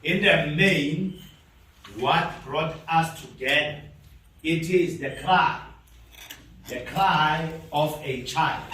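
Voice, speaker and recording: A man giving an impassioned speech at a training event. He speaks in an oratorical way, repeating phrases with long dramatic pauses. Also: on the high side, fairly bright tone, a little hiss or hum. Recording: echoey hall from far off.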